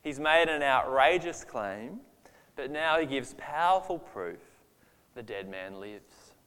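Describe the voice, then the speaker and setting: A man's voice: mid-range voice, animated, slow pace, fairly bright tone, smooth, long reverb tail. A man preaching a sermon on a Bible passage, earnest and emphatic, his voice rising on the dramatic moments. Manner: earnest and emphatic, voice rising when describing Jesus' anger.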